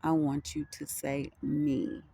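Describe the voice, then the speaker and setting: A man hosting his own video, talking gently and haltingly to viewers, repeating words and coaxing them to answer aloud. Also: fairly high pitch, flat delivery, creaky, slightly rough. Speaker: video host teaching viewers. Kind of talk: slow, gentle monologue to the camera.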